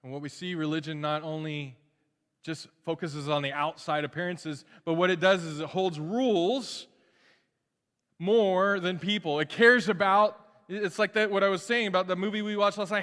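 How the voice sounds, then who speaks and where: A man preaching a sermon as a pastor in a lively, joking way, often restarting his phrases. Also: on the high side, a little fast, clean tone. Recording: long hall reverb.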